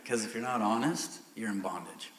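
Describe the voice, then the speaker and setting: A middle-aged man preaching a sermon as pastor, candid and growing loud and emphatic. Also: fairly low pitch, moderate pace. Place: church sanctuary. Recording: echoey church hall.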